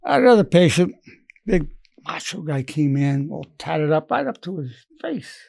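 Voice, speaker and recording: A man's voice: fairly high pitch, sing-song, normal speed, gravelly, darkish tone, dry recording, studio quality. A man in his eighties, a psychologist, teaching a lesson through stories about his patients and the words they said. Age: 80s. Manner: anecdotal, quotes patients in his own voice. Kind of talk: storytelling lesson.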